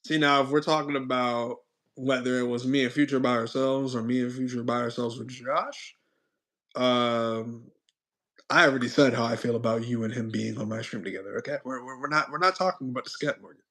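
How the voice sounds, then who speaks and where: A man's voice: mid-range voice, fairly even intonation, fairly quick, fairly bright tone. Guy hosting a stream, rambles a lot, kinda unsure, medium voice. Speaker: streamer host. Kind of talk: casual chat.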